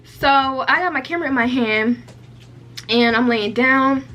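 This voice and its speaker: Young woman beauty vlogger, casual storytime, higher-pitched, talky and frank. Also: unhurried, a bit bright. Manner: chatty, lots of "like" fillers, candid and profane.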